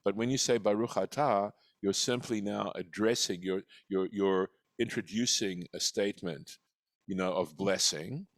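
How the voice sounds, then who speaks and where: A man teaching a study class, explaining slowly and reflectively, often restarting his sentences. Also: lowish voice, no echo. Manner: reflective and patient, with frequent restarts. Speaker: teacher leading a weekly text study class.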